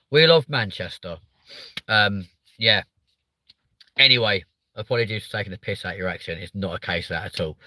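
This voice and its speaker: A man's voice: low-pitched, sharp tone, dry recording. A young man hosting a live stream, chatting with viewers in a sweary, joking, rambling way. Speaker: live show host.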